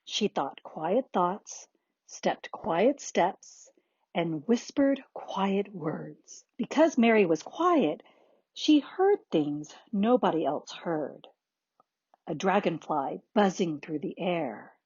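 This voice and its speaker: Slow, gentle woman reading a storybook. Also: lowish voice, slightly rough, no room sound, lo-fi sound. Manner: soft, gentle and expressive. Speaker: narrator. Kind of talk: slow storybook read-aloud.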